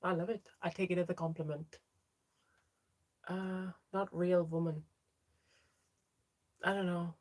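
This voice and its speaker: A woman's voice: on the low side, little pitch movement, unhurried, pauses often, darkish tone. A young trans woman hosting a casual livestream, chatting as she reads out viewer names and answers their comments. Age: young adult. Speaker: livestream host.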